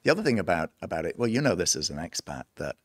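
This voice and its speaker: A middle-aged man with a mostly British accent, a guest in a casual interview, telling animated stories with laughs. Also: low voice, quick pace, no echo. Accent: British, mostly, after long years in the United States. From United Kingdom. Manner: animated storyteller who laughs often and acts out quoted voices. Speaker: guest, entrepreneur and songwriter.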